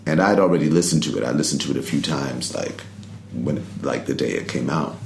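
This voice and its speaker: A middle-aged man, a poet and rapper, telling stories in a relaxed interview, rambling with many "you know"s and "like"s. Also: very deep voice, brisk, vocal fry, a little hiss or hum. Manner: laid-back, rambling, lots of "you know" and "like". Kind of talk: casual interview storytelling. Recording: roomy recording with faint ambience.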